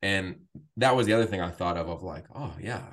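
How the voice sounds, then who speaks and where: A man who calls games on TV, telling an animated behind-the-scenes story on a sports talk show. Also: low-pitched, fast talker. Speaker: sports play-by-play broadcaster.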